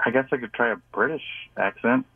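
A man's voice: mid-range voice, fast. A man on a phone call, defensive and exasperated, swearing as he gets pranked. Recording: dull phone line.

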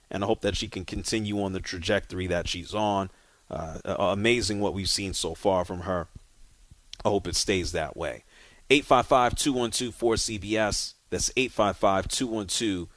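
A man hosting a sports talk radio show, speaking casually and directly and moving callers along briskly. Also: fairly low pitch, a bit bright, no room sound.

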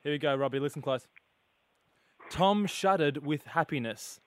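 A man's voice: on the high side, moderate pace, no echo. A man co-hosting a radio show, teasing and playful in casual banter, on a studio microphone. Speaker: radio co-host.

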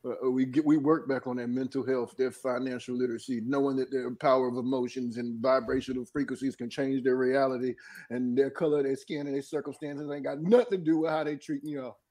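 A man speaking through tears in a group discussion, impassioned and halting, with a rough edge of anger. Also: mid-range voice, level tone, dark tone. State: crying.

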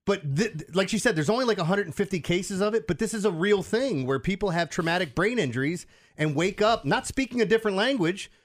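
A man's voice: high voice, animated, fast talker. A man co-hosting a sports radio show, rambling and laughing in casual banter.

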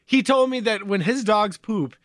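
A man's voice: sits high, normal speed, no echo. A man hosting casual sports radio in a studio, chatty and laughing often. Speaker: fill-in radio host.

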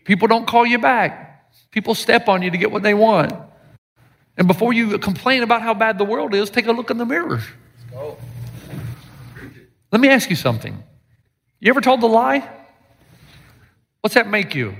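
A man preaching a sermon as pastor, animated and joking, with sudden shouted lines. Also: high-pitched, normal speed, creaky, pauses often. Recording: live sermon with long hall reverb.

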